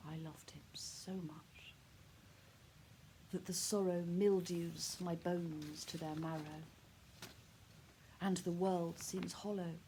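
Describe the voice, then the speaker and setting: A woman reciting her own poem in a soft, hushed, heartfelt and grieving way. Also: on the low side, fairly even intonation, slow pace, pauses often, a little hiss or hum. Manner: soft, hushed, intimate delivery. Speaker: poet. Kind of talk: poetry recitation.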